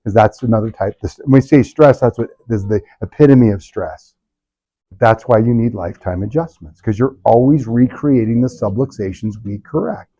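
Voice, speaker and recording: A man's voice: lowish voice, normal speed, warm tone, lo-fi sound. Punchy sarcastic man teaching a workshop. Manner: punchy, sarcastic, full of rhetorical questions. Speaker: chiropractor leading a workshop. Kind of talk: live workshop talk to an audience.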